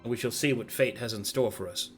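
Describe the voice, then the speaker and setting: A man's voice: mid-range voice, quick pace, soft background music, pitched below the performer's own voice, lightly acted. A man voicing a formal male knight who speaks in courtly phrases.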